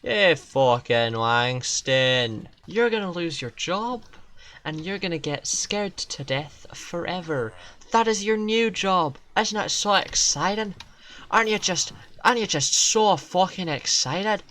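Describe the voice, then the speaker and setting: Game streamer, casual profane rants, mid pitch, animated swoops in delivery. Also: slow pace. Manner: profane, ranting, self-mocking. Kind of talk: casual gaming-stream rant.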